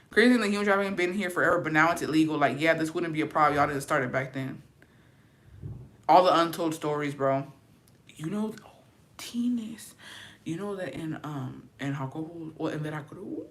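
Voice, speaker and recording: A woman's voice: deep voice, brisk. Brash, profane young woman streamer. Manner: loud, profane and animated, swinging to hushed whispers. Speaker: livestream host. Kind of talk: casual livestream chat reading viewer comments.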